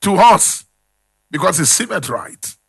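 Animated preacher with a gravelly voice. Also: male voice, high-pitched, a little slow. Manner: call-and-response preaching, swings from loud to hushed. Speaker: pastor. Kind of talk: sermon.

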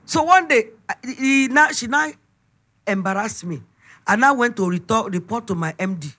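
A middle-aged woman with a Nigerian accent, giving an emphatic, animated preaching testimony. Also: fairly high pitch, moderate pace. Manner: storytelling, emphatic, animated retelling.

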